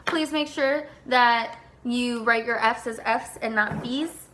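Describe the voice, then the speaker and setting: A young woman teacher talking casually through a recorded lesson for her class, with lots of fillers and slowing down to spell words out. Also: fairly high pitch, pushed and bright, slight background noise. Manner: casual, filler-heavy, slows to spell things out.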